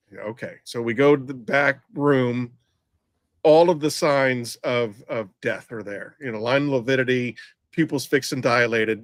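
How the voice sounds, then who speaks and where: A middle-aged man, a podcast host and former EMT, tells a grim work story in casual, loose chat, rambling with frequent restarts, fillers, and circling back. His voice is at an ordinary male pitch, recorded dry and close with little room sound.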